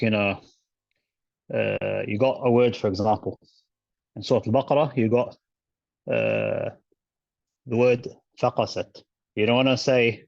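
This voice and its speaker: A male teacher explaining recitation rules in a casual online class, relaxed and chatty with many fillers and restarts. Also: mid-range voice, no echo, dull audio.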